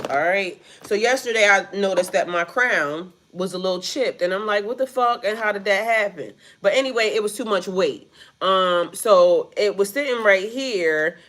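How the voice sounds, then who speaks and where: A woman's voice: mid-range voice, fairly bright tone. A woman giving a casual spiritual reading straight to her viewers, blunt and profane, filling her talk with "like" and addressing them as "y'all". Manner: blunt and profane, heavy on the word "like". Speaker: spiritual reader.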